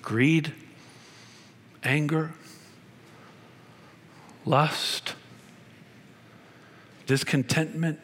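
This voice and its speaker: A man preaching a sermon as pastor, emphatic and repetitive, with wide swings in pitch. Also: steady tone, extremely slow, long pauses, fairly bright tone, slight background noise.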